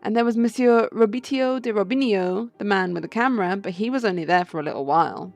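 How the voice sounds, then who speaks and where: A woman's voice: medium pitch, fast, vocal fry, faint music behind, close to an everyday voice. A woman voicing a pampered young noble cat lady, prim and genteel, reading for a video game.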